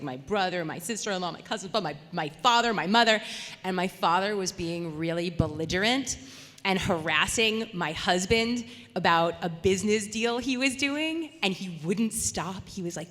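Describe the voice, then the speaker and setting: A woman on a convention panel telling a story with animated, laughing energy, recorded in an echoey convention hall. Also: mid-range voice. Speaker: voice actor panelist.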